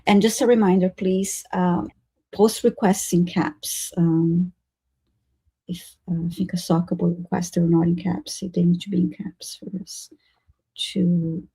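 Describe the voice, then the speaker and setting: A woman giving psychic readings on a live stream, speaking haltingly with many fillers. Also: on the low side, fairly even intonation, creaky, warm tone, breathy edge. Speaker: psychic reader and co-host.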